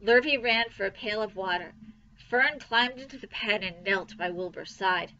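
Woman storybook reader, bright, slightly muffled recording. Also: medium pitch, normal speed. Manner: expressive, lively reading. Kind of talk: storybook read-aloud.

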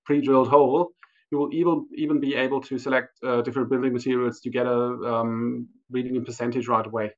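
A man explaining a measuring device in a hesitant, careful way, pausing often as he searches for words. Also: mid-range voice, little pitch movement. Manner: hesitant, many fillers and restarts. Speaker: product expert. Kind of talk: technical explanation. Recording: dull lo-fi sound.

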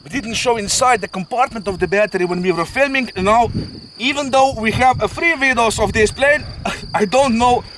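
A man's voice: very high-pitched, normal speed, a bit bright, a little hiss or hum, rough recording. A man hosting an RC flying channel, chatting casually and jokingly in rambling, non-native phrasing, recorded outdoors. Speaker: channel host, RC pilot.

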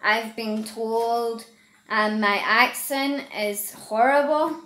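A Northern Irish woman speaks earnestly into her camera, slow and halting as she hunts for the right words. Her voice sits fairly high, and the room around her rings with echo. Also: steady tone, fairly bright tone. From Northern Ireland. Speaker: vlogger. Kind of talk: direct-to-camera vlog. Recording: echoey room.

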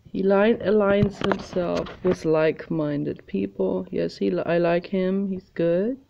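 Meandering woman host, slow and mellow, muffled home recording. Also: fairly low pitch, steady tone, creaky. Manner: meandering, chatty, thinks aloud. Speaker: video host showing her art. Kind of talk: casual rambling home video. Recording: slightly muffled, faint hiss.

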